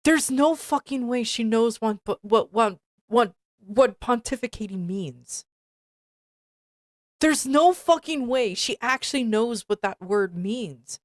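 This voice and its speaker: High-voiced woman ranting in disbelief. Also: animated, takes it slowly, no room sound, studio quality. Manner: exasperated, profane ranting; repeats herself in disbelief. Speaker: streamer. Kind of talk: live-stream reading reaction.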